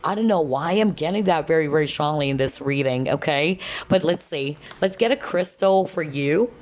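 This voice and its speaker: A woman's voice: sits low, lively intonation, normal speed, a little mellow. A woman giving a casual tarot card reading to viewers, losing her voice, chatty and full of "kind of, like" and "okay?".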